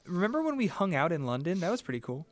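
A man's voice: high voice, big pitch swings, quick pace. A man co-hosting a music podcast, laid-back and easy-laughing in casual chat. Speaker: podcast co-host.

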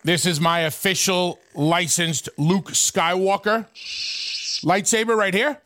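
A man's voice: sits high, steady tone, slow pace, bright, forceful tone, no room sound, studio quality. A male radio co-host in bantering talk, earnestly and playfully defending his fandom.

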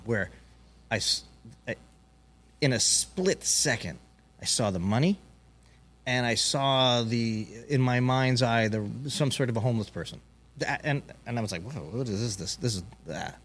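A man hosting a podcast, telling a long story in a rambling, animated way with many restarts. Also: mid-range voice, a little slow, pauses often. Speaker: podcast host. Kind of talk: casual storytelling chat.

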